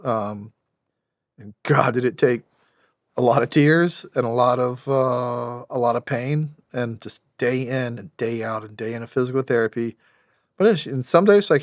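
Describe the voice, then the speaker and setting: A man's voice: medium pitch, no echo, studio quality. A middle-aged former soldier from the United States, a podcast guest telling his story candidly with many restarts and fillers. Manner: halting, with frequent restarts and fillers. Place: podcast studio.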